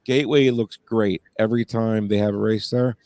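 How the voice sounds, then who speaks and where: A man chatting on a podcast, slightly low in pitch, who wanders through his stories with fillers, restarts and self-interruptions. His voice sits close and dry, with no room around it. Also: steady tone, moderate pace, a little mellow, dry recording. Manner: rambling, many fillers and restarts, laughs at own stories. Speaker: podcast co-host. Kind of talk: casual chat.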